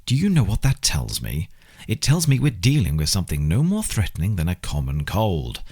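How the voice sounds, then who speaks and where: A man reading an audiobook, voicing a smug, sneering oligarch boss with a thick Slavic accent who speaks slowly and menacingly. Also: low voice, wildly swooping pitch, warm tone, husky, full character voice. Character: sneering middle-aged male oligarch boss.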